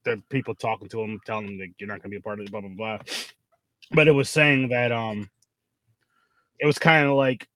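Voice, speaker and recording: A man's voice: lowish voice, fairly even intonation, fairly quick, a bit bright, no room sound. A man in casual, profane conversation about a film, rambling and restarting his sentences. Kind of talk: casual movie review chat.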